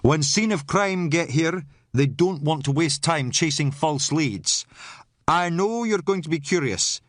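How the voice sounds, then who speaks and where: A man doing a calm, firm policeman. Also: fairly high pitch, no echo, clean studio sound, pitched above the performer's own voice. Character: calm, firm male police officer, steady. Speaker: police officer addressing a meeting.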